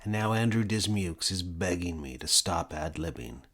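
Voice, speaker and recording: Deep-voiced man reading a comic novel. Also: animated, moderate pace, a bit bright, slightly rough. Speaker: audiobook narrator. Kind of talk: comic first-person audiobook narration.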